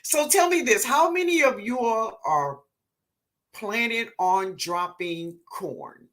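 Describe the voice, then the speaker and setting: A woman with a New Orleans accent hosting a live gardening show, reading viewer comments aloud in a relaxed way and calling people baby. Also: fairly high pitch, slow. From Louisiana, US. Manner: calls viewers baby, laughs often. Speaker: gardening livestream host.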